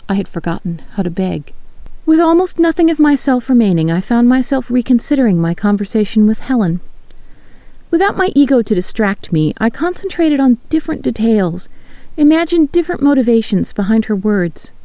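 A woman reading a story aloud in the first person, in a measured, expressive way. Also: on the high side, no echo. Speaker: narrator.

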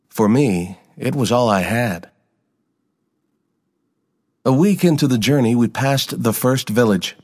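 Low-voiced man narrating a story. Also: a little mellow, long reverb tail. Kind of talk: scripted narration.

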